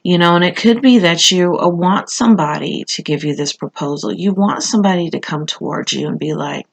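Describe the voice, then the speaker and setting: A woman's voice: lowish voice, brisk, vocal fry, husky. Conversational woman reading tarot. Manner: conversational, frequent fillers and asides. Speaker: tarot reader. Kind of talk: casual tarot reading monologue.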